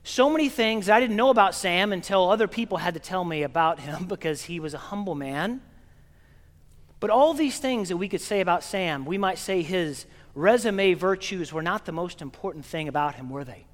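A priest from Oklahoma giving an earnest, gently paced funeral sermon in a large church. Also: male voice, high voice, lively intonation, moderate pace. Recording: long reverb of a church hall.

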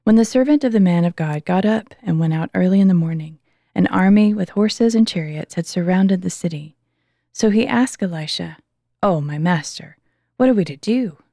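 Female scripture reader, lowish mellow voice, measured and calm, dry close mic. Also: gravelly, dry recording. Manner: calm, measured, slows for quoted speech. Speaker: Bible reader. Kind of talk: scripture reading.

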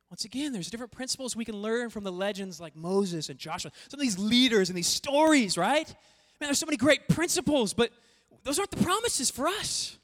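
A pastor preaching a sermon to a congregation, talking animatedly and swinging between quiet passages and loud emphatic bursts. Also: medium pitch. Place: church hall before a congregation. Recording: long echoey hall reverb.

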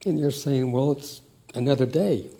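An older man telling family stories in a slow, reflective, emotional way. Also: mid-range voice, gravelly, a little hiss or hum. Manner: slow, warm, emotional storytelling.

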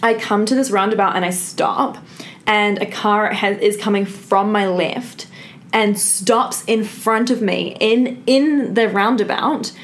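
A woman telling a story in casual chat, animated and emphatic, swearing freely. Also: mid-range voice, measured pace. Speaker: co-host.

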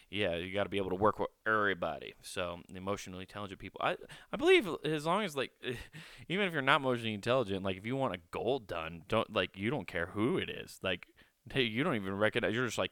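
A man's voice: on the low side, a bit bright, clear, resonant tone, no echo, clean studio sound. A man hosting a podcast, riffing sarcastically with jokes, swearing and laughing at his own bits. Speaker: podcast host. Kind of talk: comedic podcast commentary.

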